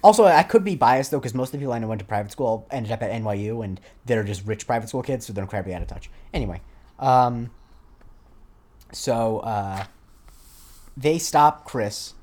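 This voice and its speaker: A man's voice: mid-range voice, expressive, moderate pace, darkish tone. Rambling young man chatting casually. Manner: rambling, many fillers and restarts. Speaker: podcast co-host. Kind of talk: casual chat.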